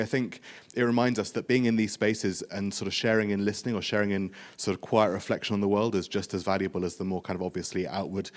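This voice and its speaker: A man in the audience giving a comment, rapid and searching for words. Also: lowish voice. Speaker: audience member. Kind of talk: comment from the floor.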